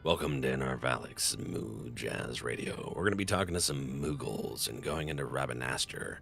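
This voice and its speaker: A velvety late-night jazz radio host, as a man puts him on, crooning each phrase slowly and deep. His gravelly low voice trails off softly at the ends. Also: animated, faint music behind, full character voice. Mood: smooth. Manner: slow, low and smooth.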